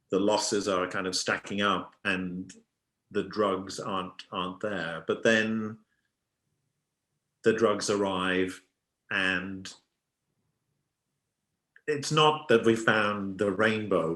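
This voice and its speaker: A man with a fairly low voice interviews a guest, talking earnestly and with open feeling. His voice rings with a roomy echo. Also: sharp tone. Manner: earnest, openly emotional. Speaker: programmer and interviewer. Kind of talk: interview questions and commentary.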